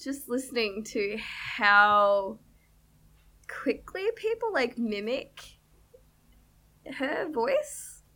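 A young Australian woman, a podcast guest, telling stories in an animated way with frequent laughter. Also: fairly high pitch, extremely slow, pauses often. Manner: animated storyteller, laughs often. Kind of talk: casual podcast chat.

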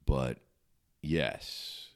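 A man's voice: extremely low pitch, lively intonation, extremely slow, creaky, smooth. A middle-aged man, a comedian guest, telling blunt, matter-of-fact stories in casual chat.

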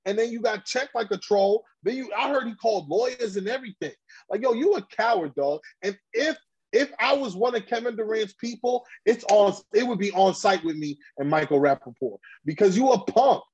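A man with a fairly high, husky voice hosts a casual podcast chat. He rants bluntly and heatedly in street slang and keeps restarting his sentences. The recording sounds dull and lo-fi. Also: lively intonation, fairly quick, darkish tone. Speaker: podcast host.

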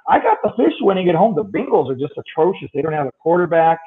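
A man's voice: a little high, big pitch swings, fast talker, breathy edge. A man hosting a podcast, chatting casually through game picks. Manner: talkative, rundown of matchups. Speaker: podcast host. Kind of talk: casual sports picks chat. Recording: tinny phone-like sound.

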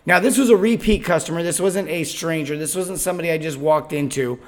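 Chatty storytelling man, a bit high. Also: brisk. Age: adult, father of eight. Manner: animated, chatty, repeats himself. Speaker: podcast host and sales coach. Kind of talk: casual storytelling.

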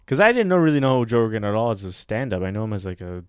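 A man co-hosting a podcast, telling a story in a casual, animated way, acting out other people's voices and laughing often. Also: fairly low pitch, very fast, smooth, dry recording, clean studio sound. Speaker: podcast co-host.

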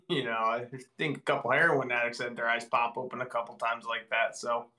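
A man co-hosting a casual podcast, reacting with quick wisecracks. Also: mid-range voice, fairly even intonation, sharp tone. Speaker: podcast co-host.

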